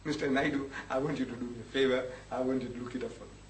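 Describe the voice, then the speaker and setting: A man's voice: medium pitch, racing, a little hiss or hum. Older guy lecturing, acts out the dialogue, laughs a lot, far from the mic in a big echoey room. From South Africa. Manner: animated storytelling, acts out dialogue, laughs often. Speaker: lecturer on religion. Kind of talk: public lecture. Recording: echoey hall, heard from afar.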